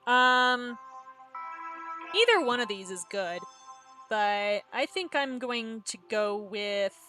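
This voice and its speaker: A woman's voice: fairly high pitch, expressive, slow, sharp tone, faint music behind. Wry woman streaming a story game. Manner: wry, joking asides. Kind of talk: playing and reading an interactive story game.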